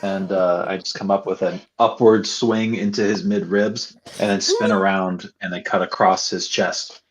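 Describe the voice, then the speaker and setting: A man playing a tabletop game, describing his character's actions in a relaxed way. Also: deep voice, normal speed, noisy background. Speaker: player.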